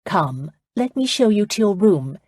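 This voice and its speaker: A woman narrator voicing a lively, outspoken English noblewoman who teases and speaks her mind. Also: medium pitch, measured pace, husky, dry recording, clean studio sound, voice pushed up. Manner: teasing, outspoken.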